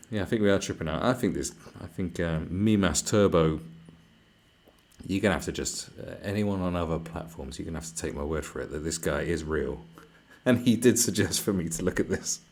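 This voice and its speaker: A man's voice: deep voice, a little fast, vocal fry, a little mellow. A young man streaming live, ranting crudely and mocking the video in front of him, laughing often. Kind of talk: profane ranting reaction stream.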